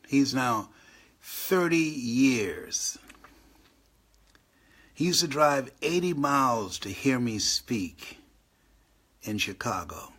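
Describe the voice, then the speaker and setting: Slow-talking older man telling a story. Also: mid-range voice. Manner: animated storyteller, acts out the voices of people he quotes. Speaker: motivational speaker. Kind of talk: storytelling talk. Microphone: online live broadcast.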